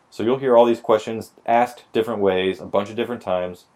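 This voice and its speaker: A man's voice: on the low side, steady tone, brisk, a little mellow. A man on a casual podcast, telling wry, profane stories about the hiring process and a little tipsy. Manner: profane, wry storytelling with mock dialogue. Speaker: podcast co-host explaining police hiring. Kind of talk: casual drinking-podcast chat.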